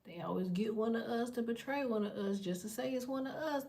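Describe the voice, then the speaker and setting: Blunt, profane woman tarot reader, slightly high. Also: fast talker, vocal fry, few pauses, darkish tone. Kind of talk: casual tarot reading monologue.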